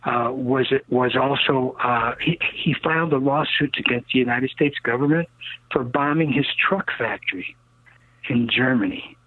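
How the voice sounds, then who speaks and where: This is an older man in his sixties, heard over a narrow, phone-like line with a dry sound. He tells long, winding stories as a guest, emphatic and cynical. He keeps punctuating them with "okay?" and "you know," and his pitch sits in an ordinary middle range. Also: moderate pace, no echo. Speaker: rocket builder interviewed as guest. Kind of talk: casual rambling storytelling interview.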